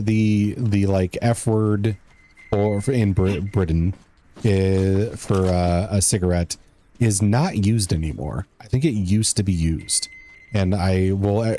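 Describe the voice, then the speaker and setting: Low, mellow-voiced man chatting while gaming. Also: a little hiss or hum. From United States. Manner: rambling, chatty, talks to chat while playing. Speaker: streamer. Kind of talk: casual gameplay commentary.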